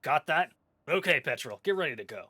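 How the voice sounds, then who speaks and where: Man doing a loud, brash raider captain. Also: fairly high pitch, expressive, brisk, husky, voice pushed up, full character voice. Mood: commanding. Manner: loud, upbeat briefing with half-hearted pirate talk. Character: brash raider crew captain with pirate slang. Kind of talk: voicing game dialogue on a stream.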